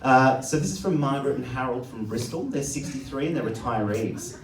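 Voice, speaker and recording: A man's voice: medium pitch, moderate pace, pauses often, crowd noise. A man doing a stand-up comedy set, telling crude, sardonic stories. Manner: crude, sardonic storytelling with lively swings. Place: comedy venue with audience. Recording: echoey live venue, distant mic. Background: audience laughter and room ambience.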